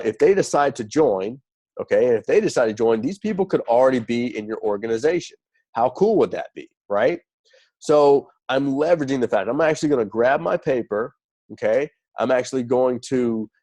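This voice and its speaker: A man's voice: mid-range voice, lively intonation, normal speed, darkish tone. Man coaching, tagging lines with "okay?". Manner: checks in constantly with "okay?" and "right?"; repeats phrases for emphasis. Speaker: sales recruiting trainer. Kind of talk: recorded training lesson.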